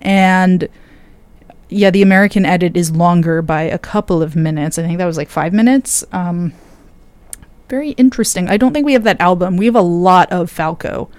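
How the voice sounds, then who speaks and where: A tired young woman working as a radio DJ chats casually on air between records, rambling, interrupting herself and using many fillers. Her voice is fairly low and darkish at a normal speed, with no echo.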